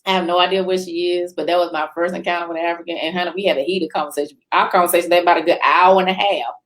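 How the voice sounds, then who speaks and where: An American woman hosts a relaxed talk and tells stories from her own life. Her voice sits a little low, and she brings it to life by acting out other people's lines and laughing often. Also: racing. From United States. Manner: animated, laughs often, acts out quoted voices. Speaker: host reading viewer questions. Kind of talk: casual storytelling chat.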